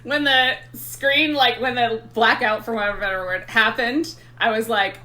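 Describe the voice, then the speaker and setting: A woman's voice: fairly high pitch, unhurried, hardly any pauses, pushed and bright. A young woman co-hosting a casual movie review chat, chatty and enthusiastic in her reactions and asides. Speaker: podcast co-host.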